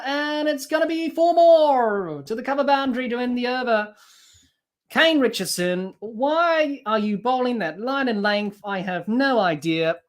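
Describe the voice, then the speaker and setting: A man hosting a live cricket watch-along podcast, calling the play and scolding the team in frustration. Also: on the high side. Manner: exasperated, scolding players and selectors directly. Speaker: podcast host doing live cricket commentary.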